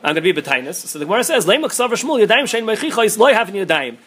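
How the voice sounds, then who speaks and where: Man, rabbi teaching Talmud, very fast delivery, frequent restarts. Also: sits high, very animated, a bit bright. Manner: rapid, restarts often, mixes Hebrew-Aramaic terms. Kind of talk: quick Talmud study lecture.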